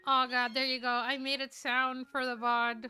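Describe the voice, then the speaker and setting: A woman's voice: high-pitched, level tone, normal speed, pushed and bright, smooth, soft background music. A woman streamer chatting casually on a livestream, gushing and cooing in baby talk at a cat video. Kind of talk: casual livestream reaction chat.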